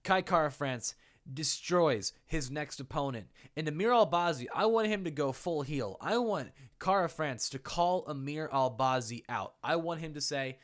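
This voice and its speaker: A man's voice: a little high, lively intonation, moderate pace. A young man talking casually and playfully in an unscripted commentary, laughing often. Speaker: YouTuber.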